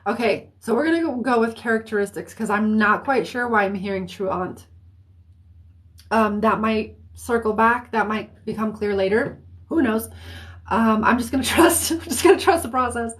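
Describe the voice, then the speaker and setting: A woman giving a psychic reading on a live stream, thinking aloud with many restarts and often clearing her throat. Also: fairly high pitch, moderate pace. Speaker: psychic reader. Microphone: phone or computer mic on a live stream.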